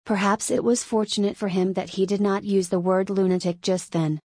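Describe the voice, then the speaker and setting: Woman audiobook narrator, mid-pitched, measured reading, dry close sound. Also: fairly even intonation, a little mellow, husky, no echo. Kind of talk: scripted narration.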